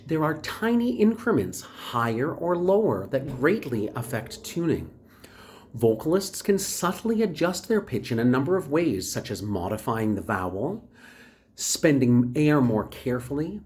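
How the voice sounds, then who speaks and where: A woman teaching a recorded voice lesson, explaining exercises and practice steps in a clear, instructive way. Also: sits low, a little mellow.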